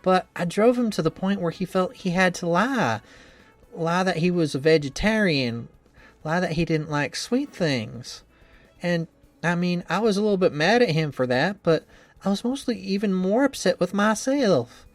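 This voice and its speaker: A man with a high-pitched, expressive voice reads a visual novel game at a moderate pace, playing a cheerful young woman trainer who's anxious about her cooking. He sounds earnest, rambling and self-doubting, recorded dry with faint music behind.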